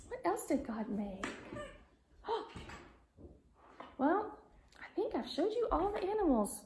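A woman's voice: high-pitched, mellow. A woman teaching a Bible class to small children from home, in a sing-song, exaggerated way with songs and animal sounds.

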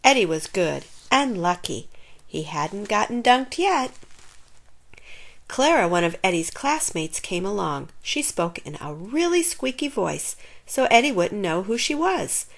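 Animated woman reading a kids' book. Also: medium pitch, unhurried. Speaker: narrator. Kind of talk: reading a children's picture book aloud.

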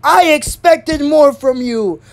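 A young adult storyteller putting on a furious, strict woman principal who scolds in a shrill, drawn-out way. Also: sing-song, darkish tone. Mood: scolding.

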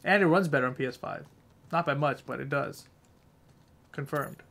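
A man's voice: mid-range voice, normal speed, gravelly, a bit bright. Chatty, cursing young man streaming. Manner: rambling, profane, chatty with viewers. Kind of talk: casual gameplay commentary.

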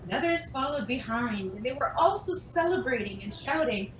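High, lively woman leading children in church. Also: normal speed. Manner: animated, coaxing, encouraging. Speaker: children's talk leader at a church service. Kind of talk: children's message with call-and-response. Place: church sanctuary. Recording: echoey church heard from far off with faint rumble.

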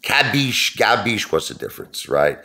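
A man's voice: fairly low pitch, sing-song, normal speed, pushed and bright. A middle-aged man hosting his own channel, telling rambling stories in a joking, self-mocking way. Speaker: YouTube host. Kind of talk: casual rambling vlog talk.

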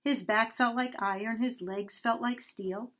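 A woman reading a rhyming story aloud to children at a church, expressive and sing-song. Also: fairly high pitch, unhurried.

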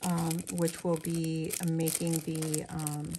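Slow-talking woman chatting about her crafts. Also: low voice, completely flat delivery, background noise. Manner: chatty, laughs often, talks to viewers while showing her work. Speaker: crafting vlogger. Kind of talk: casual crafting vlog.

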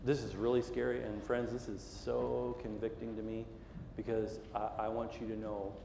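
A man's voice: fairly low pitch, normal speed, gravelly. Male pastor preaching, acts out the story, echoey sanctuary w faint room hum. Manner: animated storytelling, acting out voices and sounds. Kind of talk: sermon. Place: church sanctuary.

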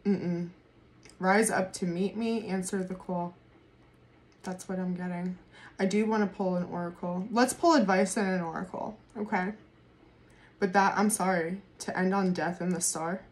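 Excitable woman giving a tarot reading. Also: fairly low pitch, normal speed, slight background noise. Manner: excitable, swears freely, laughs often. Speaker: tarot reader. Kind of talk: casual tarot reading monologue.

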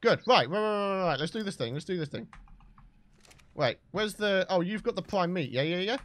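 A man commentating his own gameplay, shouting and exclaiming, teasing his in-game pets, his voice getting worn. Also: high voice, expressive, moderate pace. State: losing his voice. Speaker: gaming channel host. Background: game background music.

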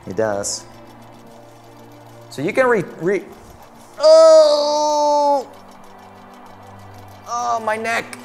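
A man's voice: high-pitched, wildly swooping pitch, takes it slowly, vocal fry, pauses often, fairly bright tone, soft background music. A man giving let's-play commentary on a game. He is jumpy and jokey, exclaiming and laughing as he plays. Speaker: VR gameplay commentator.

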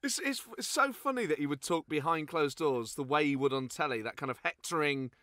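A lively man in his thirties hosts a casual podcast chat, telling stories with frequent laughter. His voice sits a touch high and rings bright and forceful. It is close and dry, with no room around it. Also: brisk, no echo. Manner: lively storyteller, laughs often. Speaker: podcast host.

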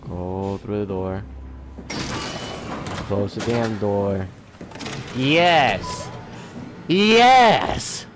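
A man playing a horror game, talking to it out loud, jumpy and quick to swear. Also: on the low side, little pitch movement, noisy background. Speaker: gaming video host. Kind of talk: let's play horror game commentary.

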